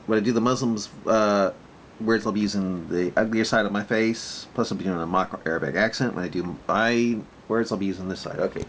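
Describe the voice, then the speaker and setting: A man's voice: on the low side, slight background noise. A man giving casual, argumentative commentary in reply to a critic, often restarting his sentences. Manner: argumentative, repeats himself and restarts. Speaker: video maker replying to a critic.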